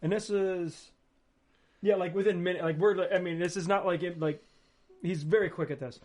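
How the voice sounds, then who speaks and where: A man's voice: sits high, steady tone, moderate pace, a little mellow. A man co-hosting a movie podcast, teasing his friends and retelling a text exchange in casual chat. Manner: storytelling, teasing. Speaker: podcast co-host.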